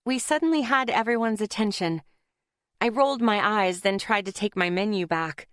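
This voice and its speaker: A woman narrating a first-person fantasy audiobook in a steady, even way. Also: medium pitch, normal speed, smooth, no room sound, clean studio sound.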